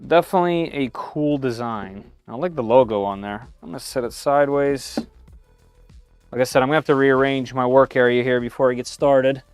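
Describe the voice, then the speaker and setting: A man's voice: mid-range voice, a little fast, smooth, dry recording, faint music behind. Chatty man thinking aloud on a live stream. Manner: thinks aloud with frequent "uh" and restarts. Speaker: streamer unboxing a 3D printer. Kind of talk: live-stream unboxing commentary. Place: home workshop.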